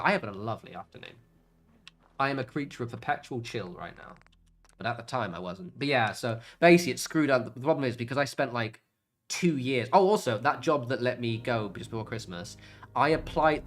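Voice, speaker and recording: Playing a game on stream, a man from Britain rambles casually from one subject to another, laughing often and cursing now and then. He speaks at medium pitch with a fairly bright tone.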